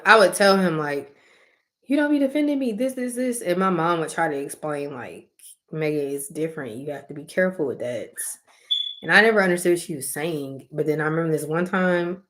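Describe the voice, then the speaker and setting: A young adult woman co-hosting a casual chat, telling stories animatedly with laughing asides and acted-out quotes. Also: lowish voice. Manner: animated storytelling, acting out quotes; frequent fillers and laughing asides.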